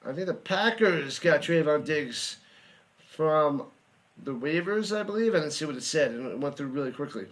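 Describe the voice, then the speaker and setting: A man's voice: fairly high pitch, lively intonation, moderate pace. A man giving live play-by-play commentary, chatty, humming and joking between plays and rising on big ones.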